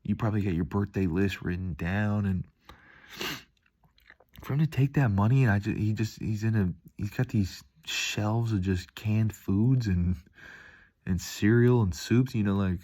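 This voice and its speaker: A young man rambles in a relaxed, easygoing way, tossing in dude and man as he goes. His voice sits very low. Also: measured pace. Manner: laid-back, calls the listener dude and man, mimics angry voices in stories. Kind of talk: rambling casual monologue.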